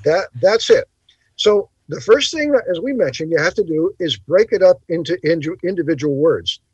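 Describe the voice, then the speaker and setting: A man hosting a bible talk show, explaining in a teacherly way and pausing to stress his points. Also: a little high, expressive, a little mellow, husky, no room sound, dull audio. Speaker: podcast host.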